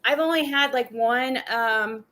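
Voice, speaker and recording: A woman's voice: on the high side, measured pace, pushed and bright. A woman chatting casually on a stream, rambling and hedging as she talks.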